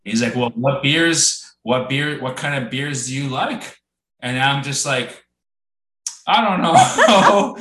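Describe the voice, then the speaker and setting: A man's voice: medium pitch, pushed and bright, reverberant, slight background noise. A man co-hosting a casual podcast, telling a story with lots of restarts and acted-out quotes. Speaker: podcast co-host.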